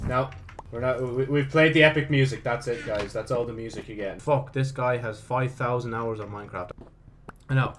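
Excitable gamer, lively swinging pitch. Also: male voice, normal speed. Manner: swears a lot, swings from muttering to sudden yelps. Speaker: gaming channel host. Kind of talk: let's play commentary. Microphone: desk mic with audible mouse clicks.

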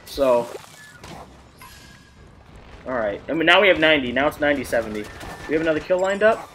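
Man, gameplay streamer, high bright voice, very animated pitch, profane trash talk, hyped commentary, desk mic, faint background music. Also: a little fast. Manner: trash-talking, profane, hyped, swings between mutters and shouts. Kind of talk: excited live gameplay commentary. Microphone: desk mic at a gaming setup.

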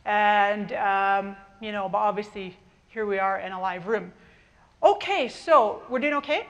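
A woman's voice: medium pitch, unhurried. A middle-aged woman with a mixed Canadian and Scottish accent gives an enthusiastic, chatty keynote talk in a large conference hall on a lapel mic. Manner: enthusiastic, chatty, talks to the crowd.

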